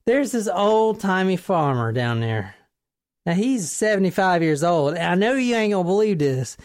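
A woman's voice: on the low side, big pitch swings, moderate pace, darkish tone, no echo, studio quality. A woman putting on a drawling drunken farmhand. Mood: insistent. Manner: folksy drawling rural accent. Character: drunken drifter farmhand man, rambling.

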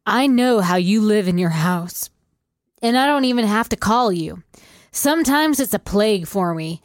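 A woman co-hosting a podcast, reading a passage aloud in an even narrating tone. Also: medium pitch, no room sound, clean studio sound. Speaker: podcast co-host. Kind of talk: casual chat and reading aloud.

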